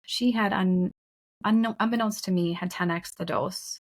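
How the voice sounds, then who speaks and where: A woman co-hosting a podcast tells her own story frankly, emphatically and casually, swearing now and then. Her voice is mid-range with a steady tone, and she speaks at a normal speed.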